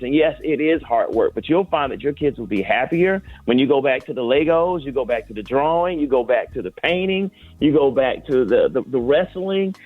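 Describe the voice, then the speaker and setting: A man's voice: medium pitch, no room sound. A man speaking as a guest doctor on a radio morning show, giving earnest, explanatory advice about kids and screens. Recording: phone-line sound, dry.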